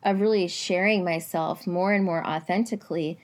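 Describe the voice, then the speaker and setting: A woman hosting her own podcast, talking in an earnest, reflective way with soft pauses. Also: lowish voice, steady tone. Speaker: podcast host. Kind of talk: casual solo podcast talk; scripted podcast intro.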